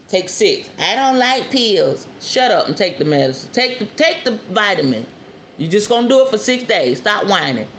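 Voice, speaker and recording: A woman in her forties hosting a podcast, talking casually and bluntly to her listeners, emphatic and a little scolding. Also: on the low side. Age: 40s. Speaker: podcast host and spiritual herbalist. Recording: roomy echo with faint ambient noise.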